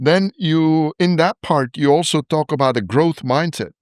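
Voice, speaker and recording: A man's voice: on the high side, normal speed, no room sound, studio quality. A man hosting a podcast interview, affirming his guest often and reflecting on her points. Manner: affirming, often backchannels with yeah. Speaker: podcast host.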